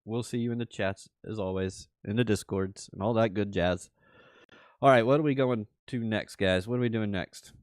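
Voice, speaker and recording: A man's voice: fairly low pitch, moderate pace, no room sound, clean studio sound. A man streaming a crypto trading session, chatting casually and rambling to his viewers with frequent laughs. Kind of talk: casual livestream chat.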